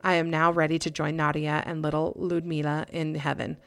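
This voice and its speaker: A man's voice: on the high side, monotone, brisk, creaky, a bit bright, dry recording. A woman reading the farewell letter of a grieving lonely school janitor in a formal, solemn voice. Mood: despairing.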